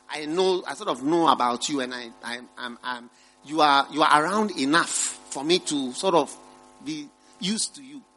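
A middle-aged man preaching a sermon, rising to loud emphatic peaks and dropping to low murmured asides. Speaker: pastor.

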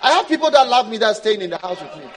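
A man's voice: high voice, big pitch swings, racing, crowd noise. A man voicing a cold husband who curtly refuses every request with scornful laughing refusals. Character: cold husband dismissing an unloved wife.

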